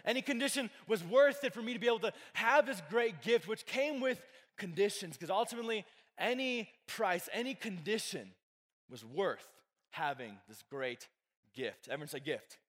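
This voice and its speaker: Chatty high-voiced young preacher in a hall. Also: male voice, animated, moderate pace, fairly bright tone. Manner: chatty, filler-heavy, jokes with the crowd. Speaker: youth pastor. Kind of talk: casual youth sermon. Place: church hall with a live audience. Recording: long hall reverb.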